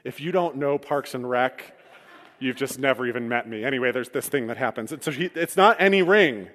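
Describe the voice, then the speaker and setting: Pastor preaching in an echoing hall. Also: male voice, medium pitch, a little fast, fairly bright tone. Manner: storytelling with humorous asides. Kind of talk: sermon. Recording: long reverb of a large hall.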